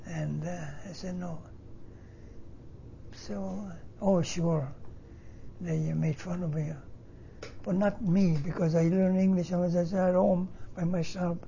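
An older man from Northern Italy, native Italian, speaking English with an Italian accent and halting, broken phrasing, telling his life story in an interview. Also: sits high, steady tone, creaky, mellow, muffled recording, slight background noise. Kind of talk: oral history interview.

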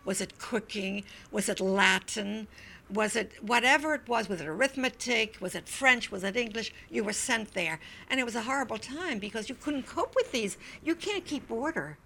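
An older woman, an interview guest, recounting memories in a reflective, halting way. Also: on the high side, animated, vocal fry, bright, forceful tone. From Wilmington, Delaware, US. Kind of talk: oral history recollection.

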